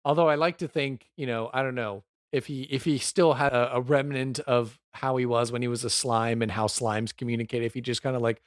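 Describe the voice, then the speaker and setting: A man's voice: medium pitch, fairly even intonation, fairly quick, hardly any pauses, no room sound, studio quality. A man running a tabletop game, chatting casually and rambling with many fillers as he brainstorms a character. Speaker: game master.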